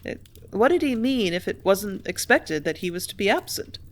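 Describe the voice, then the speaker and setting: A woman voicing a cheerful, earnest young clerk in an audiobook reading, a touch louder and higher than her narration. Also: big pitch swings, normal speed, lightly acted. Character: cheerful young man, left-handed clerk.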